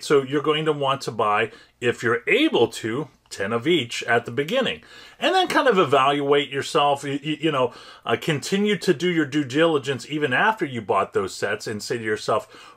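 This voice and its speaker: A man's voice: medium pitch, fairly bright tone. A man hosting his own channel, talking casually and at length about buying and selling, with frequent fillers and restarts. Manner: conversational, many fillers and restarts, rising emphatic openers. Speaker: host. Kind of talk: casual advice monologue.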